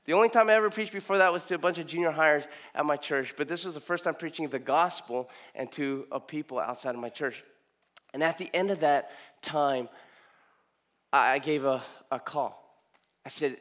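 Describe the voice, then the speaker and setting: A middle-aged pastor with a fairly high voice preaches at a normal pace, sharing a personal story. He repeats phrases emotionally and builds to loud, rising emphasis.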